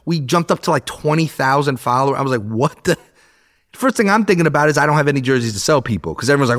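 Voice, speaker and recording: Animated man telling a story. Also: on the high side, fast. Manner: animated, swears, acts out quotes. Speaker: podcast guest. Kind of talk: casual storytelling.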